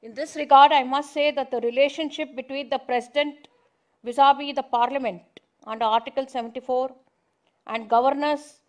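A middle-aged woman with an Indian accent, a judge giving a formal legal address in a measured, deliberate way. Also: high-pitched, fairly even intonation. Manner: measured, deliberate, reads out quoted passages.

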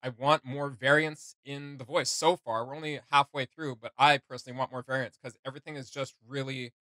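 A man's voice: mid-range voice, brisk, dry recording. A man co-hosting a reaction show, chatting casually and critiquing with lots of restarts. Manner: animated, critiquing, many restarts and "like".

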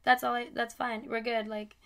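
A woman's voice: on the high side, flat delivery, moderate pace, gravelly, crowd noise. A woman in her twenties, a mother talking casually on a podcast with friends, heavy on "like" and "bro". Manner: laid-back slangy talk, many "like" and "bro" fillers. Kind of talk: casual chat.

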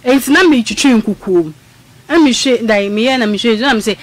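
A woman in casual radio chat, telling a lively story and acting out quoted speech. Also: a little high, normal speed.

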